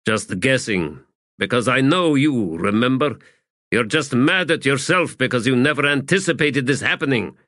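A man voicing a terse, gruff aging male assassin in an audiobook, with a growling, clipped delivery. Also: mid-range voice, lively intonation, moderate pace, fairly bright tone, dry recording, studio quality, voice pushed up, close to an everyday voice. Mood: needling. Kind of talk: audiobook character voice.

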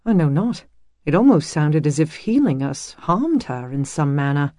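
Brief: narrator playing a quiet, uneasy soldier in a medieval audiobook, mellow tone. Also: male voice, on the high side, big pitch swings, moderate pace, no echo, studio quality. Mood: worried.

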